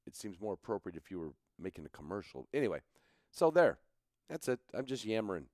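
A road-weary man hosts a podcast in a low, easygoing voice. He rambles and jokes at his own expense, drifting into asides, while sitting at a picnic table in a garage. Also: sing-song, fairly quick, a little mellow. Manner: jokey, self-mocking, rambling asides. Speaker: podcast host. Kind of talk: casual rambling chat.

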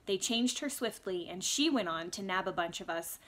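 A woman's voice: medium pitch, lively intonation, moderate pace, fairly bright tone. Brief: tired, grim male satyr fresh from battle, plain and unfussy, read by a woman. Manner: breathless, grim, matter-of-fact.

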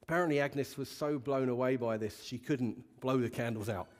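A man's voice: medium pitch, moderate pace. A male pastor giving a sermon to a congregation, telling a story in a candid, conversational way and asking the room questions. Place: church hall with a congregation.

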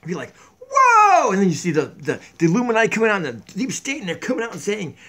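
A man in his forties with a lively, swooping voice rambles through a jokey, excitable vlog. He sits on a barstool in a home kitchen, talking into a tablet's built-in mic. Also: high-pitched, very fast. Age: 40s. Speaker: vlogger. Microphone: tablet camera mic.

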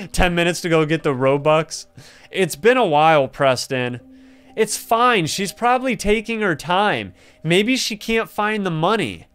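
A young man who runs a gaming channel reads in-game story dialogue aloud and reacts excitedly, laughing and gasping often. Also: sits high, measured pace, clear, resonant tone. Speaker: gaming YouTuber. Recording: faint background music.

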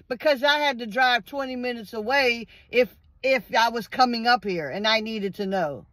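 A woman's voice: a little high, moderate pace, few pauses, fairly bright tone, no room sound. Woman vlogger, profane storytime rant, acts out both sides, close and dry. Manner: profane, heated venting, acts out the exchange. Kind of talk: ranting storytime vlog.

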